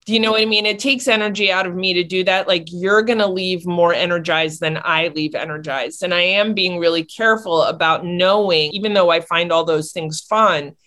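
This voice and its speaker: A woman's voice: lowish voice, moderate pace, few pauses, a bit bright. A woman who teaches, talking casually and reflectively about her life. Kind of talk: casual chat.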